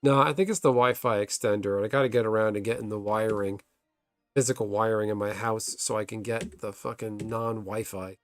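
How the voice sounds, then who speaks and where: A man's voice: on the low side, steady tone, brisk, dry recording, faint music behind. A man streaming a video game, chatting casually and telling a long story, swearing when the game crashes. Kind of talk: casual chat while gaming.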